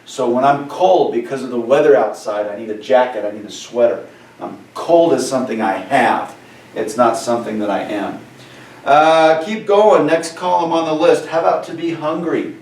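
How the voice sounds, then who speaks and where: A man teaching Spanish, in a lively and playful way, who keeps repeating each phrase and asking "right?". His voice sits at a middle pitch. The sound is roomy and a little distant from the mic. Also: normal speed. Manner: animated, joking, repeats key phrases and asks "right?". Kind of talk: classroom lesson over a video call. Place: classroom or room with a board.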